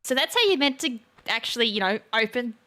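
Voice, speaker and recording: Against some background noise, a woman speaks a little fast in an expressive voice on the high side. As the host of a gaming channel she chats casually through her play, talking her thoughts out, poking fun at her blunders and breaking into sudden exclamations in let's-play commentary.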